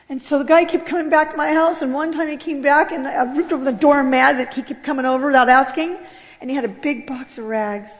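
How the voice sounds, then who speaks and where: A woman from California giving an emotional personal testimony, swinging between loud outbursts and hushed, low passages. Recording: long hall reverb.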